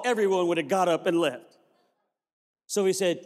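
A male pastor preaching a sermon, telling the story with lively humor and playful asides. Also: high voice, a little fast. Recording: long hall reverb.

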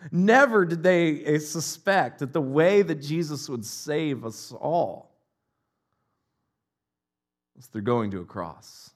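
Man preaching, slightly high voice, big swings between loud cries and near-whispers. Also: animated, slow pace, long pauses. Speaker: pastor. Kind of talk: sermon.

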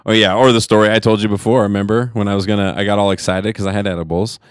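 A man's voice: lowish voice, flat delivery, quick pace, clear, resonant tone, no room sound, clean studio sound. A middle-aged man co-hosting a podcast, rambling through a casual story with lots of laughing and swearing. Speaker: podcast co-host.

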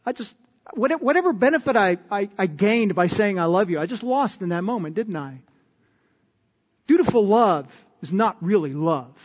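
A man's voice: high voice, expressive, moderate pace, in a large hall, muffled recording. A man preaching a sermon as pastor, earnest and emphatic, often putting questions to his listeners.

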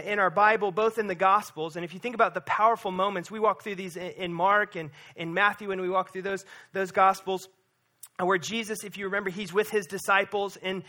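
A man preaching a sermon as pastor, reading scripture and then retelling stories in an animated, conversational way with frequent check-ins to the congregation. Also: high-pitched. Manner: animated storytelling, acts out disciples' voices.

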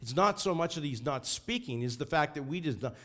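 A man's voice: fairly high pitch, lively intonation, fairly quick, fairly bright tone. A man preaching a sermon as pastor, fervent and emphatic.

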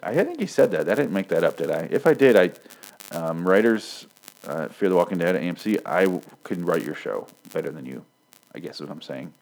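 A man's voice: low-pitched, expressive, a little fast, creaky, a little mellow, low-quality recording. A man giving a rambling, sarcastic recap of a TV episode, swearing a lot and acting out the characters' lines. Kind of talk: casual profane recap.

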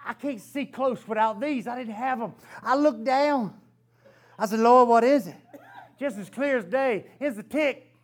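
A preacher with a notably high voice delivers his sermon as a lively story. He often breaks into laughter mid-sentence as he talks to the congregation. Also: moderate pace. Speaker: pastor.

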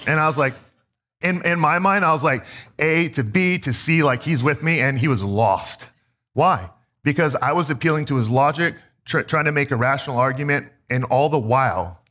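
A man in his thirties preaching a sermon as a pastor, telling stories in a conversational, self-deprecating way. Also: moderate pace. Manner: conversational, self-deprecating storytelling with lively pitch swings.

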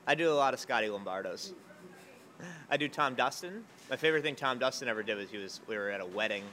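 A man's voice: mid-range voice, animated, quick pace, pushed and bright. A man chatting casually as a guest, telling rambling stories with jokes and asides. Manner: rambling, joking storyteller. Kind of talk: casual conversation.

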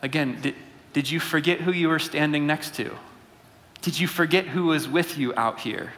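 A pastor giving a conversational sermon, often checking in with his listeners with a quick "right?". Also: on the high side, fairly bright tone, big-room sound.

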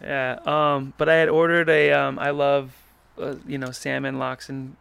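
A man with a smooth, resonant voice drifts through a story at an easy pace, full of ums and side remarks. He teases his partner now and then while speaking close to a podcast mic. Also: mid-range voice, a little slow. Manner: relaxed, rambling with fillers and teasing. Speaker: co-host telling shared memories. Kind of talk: casual chat. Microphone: podcast microphone.

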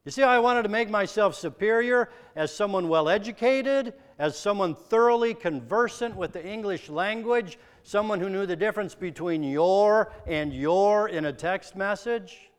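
A preacher from the American Midwest giving a sermon, asking probing, earnest rhetorical questions. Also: male voice, high-pitched, normal speed, hardly any pauses, clean tone, big-room sound.

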